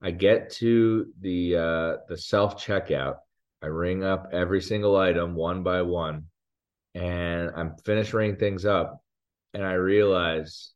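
A man's voice: low voice, fairly even intonation, measured pace, dull audio. A man co-hosting a podcast, chatting casually and telling a rambling, self-deprecating story, laughing at himself. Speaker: podcast co-host. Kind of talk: casual chat.

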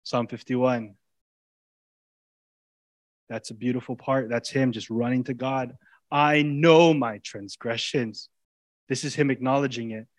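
A man in his thirties, a pastor preaching with passion, his colloquial talk swinging from loud urging to hushed intimacy. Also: medium pitch, steady tone, a little slow, long pauses. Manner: colloquial preaching, casual grammar. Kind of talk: sermon.

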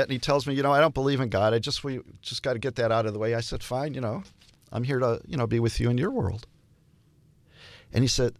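An older man, a hospital chaplain, telling stories in an interview and acting out the dialogue with lively shifts in voice. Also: mid-range voice, dry recording. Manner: animated storyteller, acts out dialogue. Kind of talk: storytelling interview.

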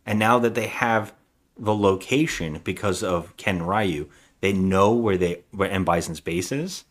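A man's voice: deep voice, a little slow. A man co-hosting a podcast, casually recapping a movie's plot in a rambling way. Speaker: podcast co-host. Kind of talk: casual movie review chat.

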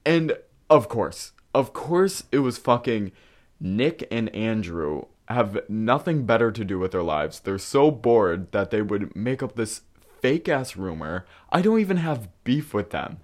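Young male podcast host with a deep voice, relaxed and profane storyteller. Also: a little slow. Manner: candid and profane, with frequent fillers. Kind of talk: casual storytelling.

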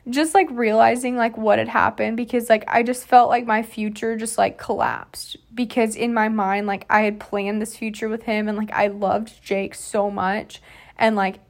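A woman in her twenties hosting a podcast, telling a personal story in a soft, halting way with many fillers. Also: fairly high pitch, little pitch movement, creaky. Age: 20s. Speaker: podcast host.

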